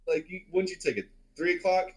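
A man's voice: high voice, animated, brisk, slight background noise, low-quality recording. A man in his forties telling a long story on a podcast in a loose, rambling way, with lots of fillers and swearing. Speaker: podcast co-host. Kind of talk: casual storytelling.

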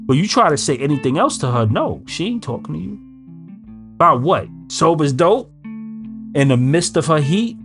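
In this casual motivational talk, a man gives blunt, emphatic recovery advice using street slang. His voice is a little high and fairly bright, very animated but at a normal speed, and guitar music plays behind him.

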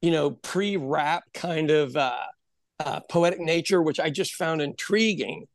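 Irish male podcast co-host, high voice, dry close mic, chatty storyteller. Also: unhurried, no room sound. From Ireland. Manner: storytelling, laughs often. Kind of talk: casual chat.

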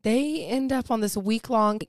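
A woman co-hosting a podcast, a little hoarse as she recovers from laryngitis, chatting casually as she sums up a story. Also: fairly high pitch, unhurried, no room sound, clean studio sound. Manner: chatty, summarizing plot. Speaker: podcast co-host. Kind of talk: casual book discussion.

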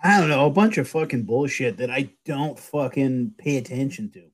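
Swearing, laughing American co-host. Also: male voice, mid-range voice, moderate pace. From United States. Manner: profane, laughing. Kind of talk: casual podcast chat.

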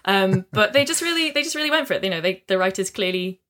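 A woman's voice: mid-range voice, animated, fast talker, pushed and bright. A woman co-hosting a casual podcast, retelling a game story with enthusiasm and many fillers. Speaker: podcast co-host.

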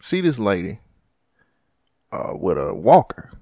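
A man's voice: on the low side, slow pace, no echo, clean studio sound. A man hosting a podcast, telling a story in casual, profane chat with lots of restarts. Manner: profane, animated, restarts often. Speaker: podcast host.

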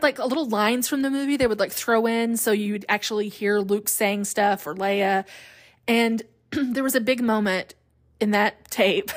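A woman in her forties hosting a podcast in casual chat, chatty and animated, laughing often. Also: medium pitch. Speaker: podcast host.

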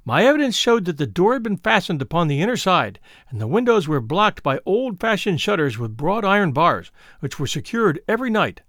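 A man reading the part of a frightened young woman who recounts her twin sister's death, in an earnest, measured storybook telling. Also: high-pitched, very animated, fairly bright tone, no room sound, clean studio sound, heavily acted. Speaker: audiobook reader.

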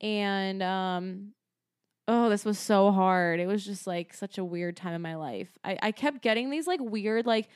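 A young woman co-hosts a podcast and talks in an everyday, middle-pitched voice. She tells her story candidly and pads it with plenty of "like". Her voice is smooth and clear, and the sound is dry and close. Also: unhurried, no room sound. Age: young adult. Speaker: podcast co-host. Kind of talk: casual chat.

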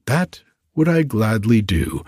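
A man's voice: fairly low pitch, very animated, slow, darkish tone, no room sound, clean studio sound, heavily acted. A man voicing a helpless, polite talking distaff who answers apologetically. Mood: regretful. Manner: apologetic, regretful.

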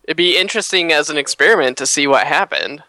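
A man's voice: a little high, expressive, quick pace, pushed and bright, no room sound, rough recording. A man co-hosting a casual talk show, giving dry, matter-of-fact opinions. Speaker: podcast co-host. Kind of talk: casual chat.

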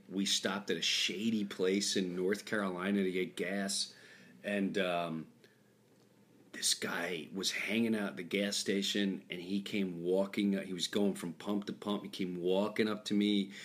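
A middle-aged man talks casually from a hotel room, voice sitting at an ordinary pitch. He tells stories in a loose, joking way, restarting his sentences often. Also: moderate pace, fairly bright tone. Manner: rambling, jokey storytelling with many restarts. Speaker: podcast host. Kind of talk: casual chat. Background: construction noise.

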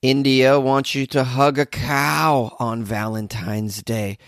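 A hungover man hosting a podcast, reading odd news stories with rambling, sarcastic commentary and low energy. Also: fairly even intonation, slow pace, fairly bright tone. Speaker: podcast host.

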